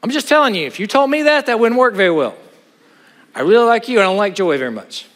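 Middle-aged male preacher, higher voice, lively and joking, recorded in a big echoing hall. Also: quick pace. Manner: animated, joking asides, rhetorical questions. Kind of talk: sermon. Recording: hall with long reverb.

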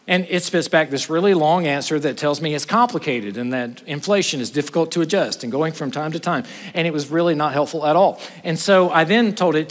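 Male preacher with a high voice, lively sermon storytelling that swings from loud to hushed, in a reverberant hall. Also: brisk. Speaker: pastor.

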